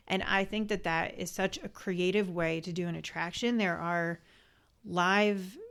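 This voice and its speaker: A woman co-hosting a relaxed podcast conversation. She is eager and rambling, piling up little fillers and restarts, and her voice sits a touch low for a woman. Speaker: podcast co-host. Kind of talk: casual chat.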